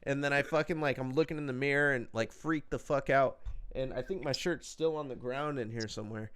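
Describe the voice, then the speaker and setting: A young man telling a story on a podcast, swearing constantly and acting out every beat. His voice is smooth and clean, pitched in an ordinary middle range, and he talks in loose, rambling casual chat. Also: brisk. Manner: profane, animated storyteller. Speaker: podcast co-host.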